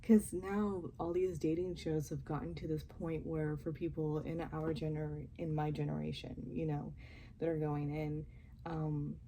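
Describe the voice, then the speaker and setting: A young woman chatting casually and softly at home as she reacts to a TV show, often giggling. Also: low-pitched, little pitch movement, a little slow, a little hiss or hum, low-quality recording. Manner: talking softly and quietly, giggly. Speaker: reaction vlogger. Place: home while family sleeps.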